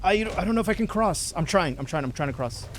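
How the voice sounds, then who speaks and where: A man's voice: high voice, expressive, quick pace, a little hiss or hum. A young man streaming a video game, chatting casually and slangily with viewers, swearing and reacting to the game. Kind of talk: live gameplay commentary.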